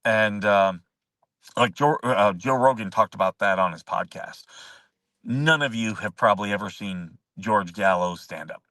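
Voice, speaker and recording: A man hosts a casual talk show, rambling through stories with many fillers and restarts. His lowish voice is bright and forceful yet unhurried, captured on a distant mic in a rough recording with no room sound.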